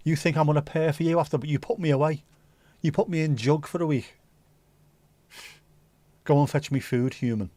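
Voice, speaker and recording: A man's voice: fairly high pitch, fairly even intonation, moderate pace, pauses often, warm tone, no room sound, lightly acted. A bossy, sly house cat, voiced by a man. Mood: sardonic. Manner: bossy, sardonic.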